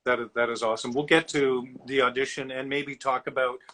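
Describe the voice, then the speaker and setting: A man hosting an interview in an enthusiastic, chatty way, quick to praise his guest. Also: medium pitch, little pitch movement, a bit bright. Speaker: interviewer host. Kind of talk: casual interview chat.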